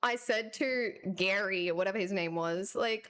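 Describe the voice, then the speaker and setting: A young woman streamer telling a story as a sarcastic, animated rant, laughing often. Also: medium pitch, normal speed, few pauses, clean tone. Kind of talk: casual ranting storytelling.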